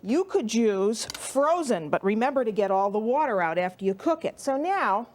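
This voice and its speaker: A woman's voice: on the high side, big pitch swings, moderate pace, a little mellow. A middle-aged woman hosting a cooking show, explaining each step in a chatty, homey way, a bit out of breath as she rolls dough. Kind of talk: cooking demonstration.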